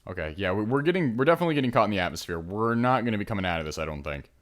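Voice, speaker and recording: Lively young man narrating a game. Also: fairly low pitch, racing. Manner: lively, chatty, swings from mumbling asides to excited shouts. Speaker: let's play host. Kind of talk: game commentary.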